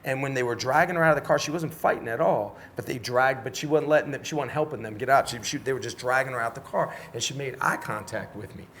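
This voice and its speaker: Animated, profane middle-aged storyteller man. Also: medium pitch, quick pace, hardly any pauses, a little hiss or hum. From Washington, D.C., USA. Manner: animated, profane storyteller who acts out dialogue. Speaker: podcast guest. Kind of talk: casual storytelling interview.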